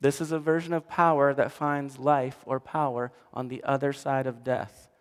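A male pastor preaching a sermon in an animated storytelling way, often dropping to quiet for emphasis. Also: mid-range voice, normal speed. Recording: long hall reverb.

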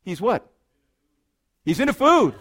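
A man preaching a sermon to a congregation, playful and animated, moving between hushed, slow lines and loud, excited ones. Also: high-pitched. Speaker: pastor.

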